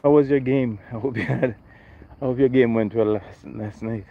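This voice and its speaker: A man's voice: mid-range voice, steady tone, moderate pace, vocal fry, narrow, tinny audio. A man hosting a casual live walking vlog on a residential street, chatting with viewers and greeting them by name. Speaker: livestream host.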